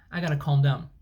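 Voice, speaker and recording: A travel vlogger at home tells an angry, sarcastic, emphatic story. His voice is fairly high and a little mellow. A dryer and a washing machine run in the background.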